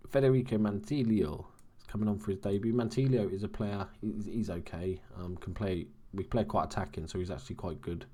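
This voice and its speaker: Young male gamer, very low voice, kept quiet and casual late at night. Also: steady tone, a little fast, hardly any pauses. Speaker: gaming commentator. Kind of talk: casual let's-play commentary.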